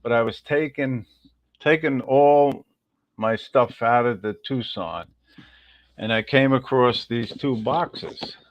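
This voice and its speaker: A man hosts a laid-back livestream, rambling on and calling out viewers by name. His voice is mid-pitched and the sound is dry and a bit dull, with no room echo. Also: takes it slowly. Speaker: livestream host. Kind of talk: casual livestream chat.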